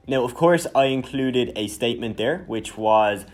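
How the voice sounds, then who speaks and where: A man in his twenties, from Ireland, giving a casual, energetic marketing lesson and often asking "right?". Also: mid-range voice, moderate pace, few pauses. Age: 20s. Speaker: marketing coach. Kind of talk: casual instructional talk.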